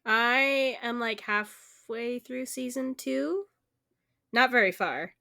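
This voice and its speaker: A woman in casual podcast chat, giving quick, bubbly, self-deprecating answers. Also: on the high side, creaky, bright, forceful tone.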